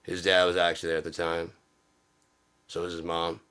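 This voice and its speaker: Bright-toned sarcastic male comedian. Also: low-pitched, completely flat delivery, moderate pace, clear, resonant tone. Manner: sarcastic, profane, jumps into mocking voices. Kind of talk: satirical comedy rant.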